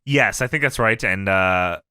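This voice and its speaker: A man co-hosting a podcast, recapping a show in animated, profane storytelling. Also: low-pitched, measured pace, clear, resonant tone, no echo. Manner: animated storytelling, lots of swearing and laughing. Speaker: podcast co-host. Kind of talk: casual chat, recapping a show.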